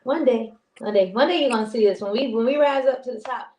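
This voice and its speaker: A woman's voice: a little high, fast talker, a little mellow. Chatty woman, echoey room. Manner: chatty, rambling, restarts often. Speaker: co-host. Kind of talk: casual chat show talk. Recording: roomy echo.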